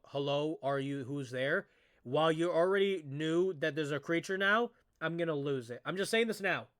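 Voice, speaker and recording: A male streamer reacting to videos in an excitable, rambling way, talking straight to his viewers. His voice sits a little high and sounds bright and tense. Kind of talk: casual reaction commentary.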